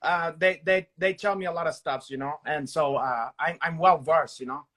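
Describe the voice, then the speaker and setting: A man with a Brazilian Portuguese accent talks in a notably high voice. He banters crudely in broken English as a podcast co-host and peppers his lines with Portuguese exclamations. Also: moderate pace, fairly bright tone.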